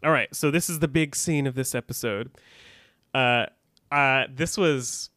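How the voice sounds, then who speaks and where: A man's voice: mid-range voice, unhurried, sharp tone, no echo, studio quality. A man co-hosting a podcast, recounting scenes casually and reading out dialogue with a bit of drama. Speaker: podcast co-host. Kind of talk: casual recap chat.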